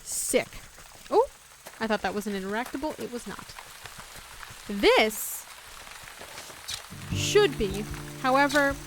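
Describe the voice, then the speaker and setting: A high-voiced woman streams a video game, chatting casually and cracking jokes. She swears freely and mutters to herself as she plays, with game music clearly playing behind her. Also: big pitch swings, takes it slowly, long pauses. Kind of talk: casual gameplay commentary.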